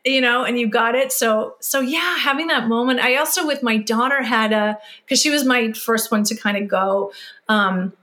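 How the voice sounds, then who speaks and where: Emotional middle-aged woman host, higher voice. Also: moderate pace. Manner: warm-hearted, emotional, chatty. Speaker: podcast host. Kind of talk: conversational interview.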